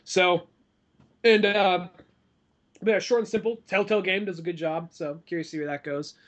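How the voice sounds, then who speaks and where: Man, twenties, podcast co-host, high voice, casual, profane, musing. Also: steady tone, moderate pace. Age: 20s. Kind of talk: casual chat.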